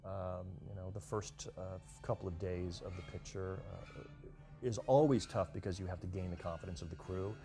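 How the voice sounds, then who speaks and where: A man's voice: deep voice, steady tone, normal speed, dark tone, soft background music. A man, a film director, thinking back in a documentary interview, with many restarts. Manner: thoughtful, with frequent restarts.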